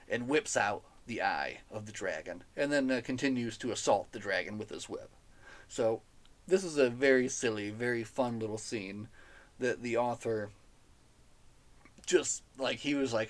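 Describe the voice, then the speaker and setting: A man's voice: mid-range voice, moderate pace. Chatty man recapping a novel. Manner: enthusiastic, chatty, laughs at the story. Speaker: podcast host reviewing a novel. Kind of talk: casual book recap.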